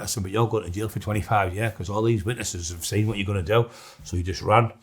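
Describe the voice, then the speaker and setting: Blunt middle-aged man, lowish voice. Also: steady tone, racing. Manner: blunt, rambling storyteller with restarts. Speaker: interviewee in a documentary. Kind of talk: documentary interview storytelling.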